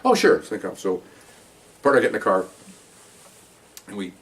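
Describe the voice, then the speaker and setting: Heard from a distance, this retired cop speaks in a lowish, fairly bright voice at an unhurried pace. The older man's conversational storytelling is peppered with "okay?" check-ins and dialogue he acts out.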